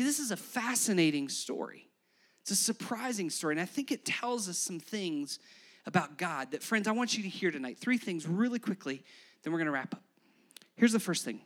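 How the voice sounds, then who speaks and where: A man preaching a Christmas Eve sermon, animated and playful, speaking to the kids and parents in the room. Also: very high voice, normal speed. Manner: animated, playful asides to children. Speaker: pastor.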